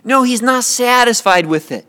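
A man's voice: extremely high pitch, lively intonation, moderate pace, bright, forceful tone, clear, resonant tone. A man preaching a sermon with passion, often repeating words as he builds a point.

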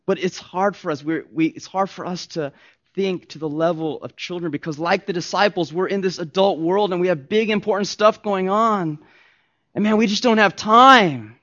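A pastor preaching a sermon, emphatic and swinging from soft asides to loud stressed points. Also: male voice, high-pitched, brisk. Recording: dull lo-fi recording.

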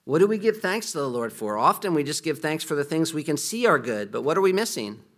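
A man preaches in an earnest, conversational style and keeps putting questions to his listeners. His voice sits a little high and rings bright and forceful. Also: sing-song, brisk. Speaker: pastor. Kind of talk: sermon.

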